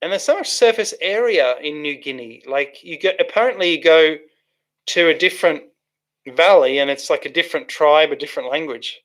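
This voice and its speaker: A man's voice: fairly high pitch, brisk, fairly bright tone. A man hosting a casual livestream, reading out chat comments and rambling with many restarts and fillers.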